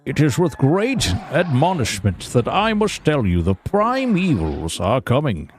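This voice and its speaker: A solemn male herald of doom, put on by a man, intoning his warning in stiff, archaic phrasing. He speaks slowly, with a put-on Irish-Jamaican lilt to his words. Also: mid-range voice, wildly swooping pitch, slight background noise. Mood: ominous. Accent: put-on Irish-Jamaican mix. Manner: solemn, formal, mock-archaic.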